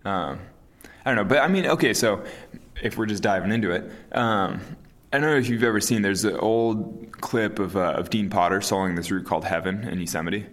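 A man in his thirties, an interview guest talking casually and calmly, with many fillers and restarts. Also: lowish voice, fairly quick. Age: 30s. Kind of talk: casual conversation.

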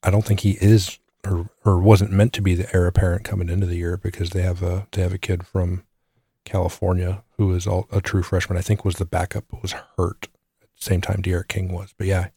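A man's voice: low-pitched, little pitch movement, brisk, vocal fry, mellow, breathy edge, dry recording, clean studio sound. A man co-hosting a sports podcast, chatting casually and hedging with fillers. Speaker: podcast co-host.

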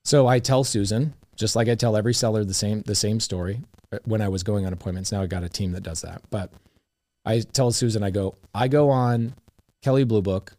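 Here a middle-aged investor guest spins casual stories, animated and voicing the quoted lines himself. He talks a little fast, his pitch on the low side. The studio-quality recording carries no room sound.

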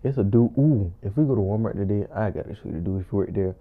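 A man's voice: fairly low pitch, fast talker. A young man chiming in with jokes and asides during a casual chat. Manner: joking interjections. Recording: tinny phone-like sound.

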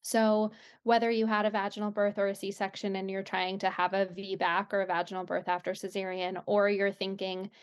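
A woman's voice: mid-range voice, little pitch movement, moderate pace. A woman guest, a birth educator, chatting in an eager way and explaining through questions. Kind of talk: casual interview chat.

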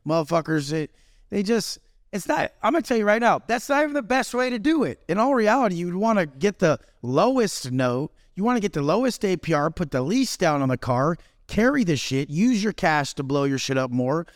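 A man's voice: high-pitched, big pitch swings, fairly quick, no echo, clean studio sound. A man speaking as a podcast guest in brash, intense, profanity-heavy casual chat.

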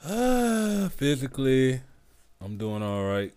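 A man's voice: mid-range voice, wildly swooping pitch, takes it slowly, a little mellow, no echo. A young man co-hosting a casual podcast, joking and profane, now and then breaking into song. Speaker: podcast co-host, veteran.

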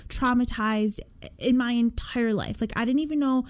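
A young woman in her twenties co-hosting a podcast, telling a story in a casual, animated way, with lots of swearing and "like" fillers. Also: a little high, moderate pace. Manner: animated, profane, many "like" fillers. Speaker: podcast co-host.

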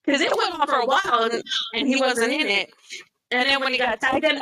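A woman's voice: high-pitched, animated, brisk, bright, forceful tone, low-quality recording. A woman co-hosting a podcast, chatting casually and animatedly, laughing often and acting out what others said. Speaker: podcast co-host. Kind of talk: casual chat recapping wrestling shows.

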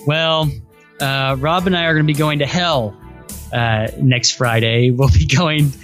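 A man's voice: mid-range voice, fairly even intonation, unhurried, a bit bright, faint music behind. A man co-hosting a casual movie podcast, talking with easygoing enthusiasm and restarting his sentences as he goes. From Austin, Texas. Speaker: podcast co-host.

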